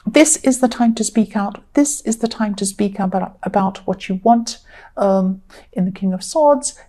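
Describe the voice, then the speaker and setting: A woman giving a solo tarot reading to camera. She talks in a gentle, reassuring way with frequent ums, and her voice is tired and a little croaky. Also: a little high. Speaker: tarot reader.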